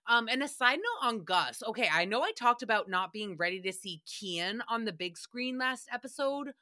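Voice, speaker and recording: A woman hosts a podcast in loose recap chat, sarcastic and animated, swearing freely. Her voice sits a little high and rings bright and sharp. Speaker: podcast host.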